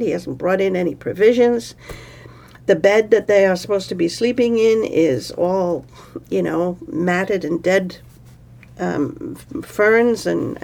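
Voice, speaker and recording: A woman telling a myth aloud in a relaxed, conversational way, with pauses and fillers. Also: on the low side, creaky. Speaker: storyteller. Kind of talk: oral storytelling.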